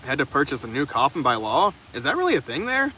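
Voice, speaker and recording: A man's voice: medium pitch, wildly swooping pitch, quick pace, sharp tone. A young man live streaming from the open trunk of his car in the rain. He chats casually with viewers in a profane, rambling way, often stumbling and restarting his sentences. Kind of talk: casual chat answering viewers' comments. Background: faint rain and passing traffic.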